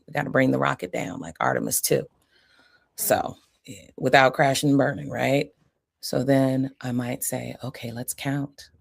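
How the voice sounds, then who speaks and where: A woman psychiatrist giving a live-streamed teaching talk, calm and deliberate, modeling soothing phrases as she coaches. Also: low voice, vocal fry.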